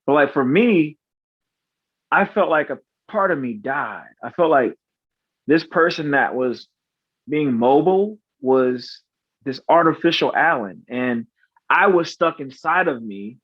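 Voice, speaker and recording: Podcast guest, male, 30s. Earnest and halting, lots of restarts. Dry, slightly muffled mic sound. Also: on the high side, expressive, breathy edge, no room sound. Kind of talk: personal storytelling in interview. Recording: slightly dull, dry recording.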